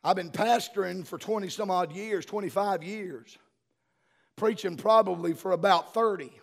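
A middle-aged man, preaching a sermon as a pastor and building to fervent shouting. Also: high voice, moderate pace, vocal fry.

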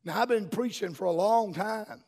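A middle-aged man, preaching a sermon as a pastor and building to fervent shouting. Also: high voice, normal speed, gravelly.

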